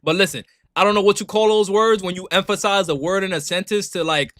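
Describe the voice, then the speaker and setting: A young man on a live stream, reacting to basketball clips in animated, repetitive casual commentary. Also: high voice, quick pace, no echo, clean studio sound. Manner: animated, repetitive, keeps saying "you know what I'm saying".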